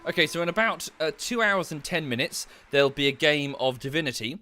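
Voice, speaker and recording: A man's voice: fairly high pitch, lively intonation, brisk, sharp tone, a little hiss or hum. Chatty polite British man. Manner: polite, chatty, rambling with many fillers. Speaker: livestreamer. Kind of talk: casual stream chat. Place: home streaming setup.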